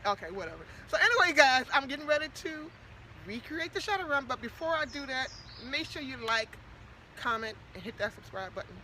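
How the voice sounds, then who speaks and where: A woman's voice: high-pitched, big pitch swings, brisk, bright, forceful tone, slight background noise. A middle-aged woman vlogging outdoors to her viewers, chatty and playful, getting out of breath. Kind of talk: casual vlog to viewers.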